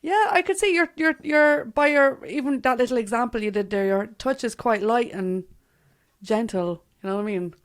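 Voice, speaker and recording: Brief: young irish woman host, slightly high voice, cheeky and chatty, quick to laugh. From Ireland. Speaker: interview host. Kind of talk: casual interview chat.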